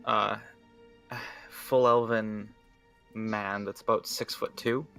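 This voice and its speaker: A man runs a tabletop game, narrating in a relaxed, hesitant way. His voice is fairly low and gravelly but bright. Faint music plays behind him. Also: slow. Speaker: game master.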